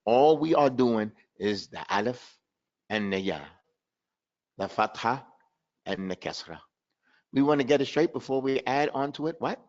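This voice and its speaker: A man teaching Quran recitation in a live online class, calling on students by name, acting out their mistakes and reciting verses slowly. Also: medium pitch, expressive, darkish tone, dull audio. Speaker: tajweed teacher.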